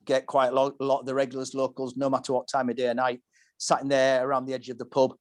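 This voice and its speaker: He speaks fast in a monotone, his voice pitched in the middle range. As host of an easygoing pub-talk podcast, he tells meandering, descriptive tales and restarts himself again and again.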